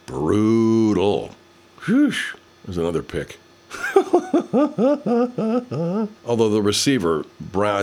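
A man casually commenting while watching football highlights, grumbling and cursing at the plays. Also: slightly rough. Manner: profane, grumbling, reacts loudly to plays.

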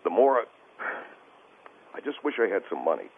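A man's voice: on the low side, very animated, normal speed, husky. A male caller on a radio show, defensive and rambling, stammering as he talks. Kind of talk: call-in radio conversation. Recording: phone-line call audio.

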